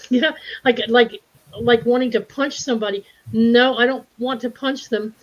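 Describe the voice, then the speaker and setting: Woman, animated and laughing, does voices in her stories; slightly high voice, muffled stream audio. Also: normal speed. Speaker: spiritual group speaker. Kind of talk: casual storytelling in a group chat. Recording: dull lo-fi livestream audio.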